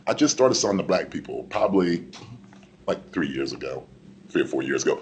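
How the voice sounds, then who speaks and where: A man on a convention panel telling a story with excitement, laughing and acting out what people said. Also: low-pitched, a little fast, very noisy. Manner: excited, laughing, acts out quotes. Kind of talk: casual storytelling.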